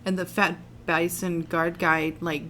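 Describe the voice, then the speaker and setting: A woman's voice: fairly low pitch, unhurried, a little hiss or hum. Giggly woman co-host. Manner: giggly, animated and playfully indignant. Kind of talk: casual podcast chat about a movie.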